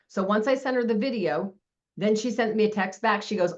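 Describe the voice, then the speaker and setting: A woman giving a live online sales training, talking fast with a lot of energy over a video call. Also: medium pitch, highs cut off.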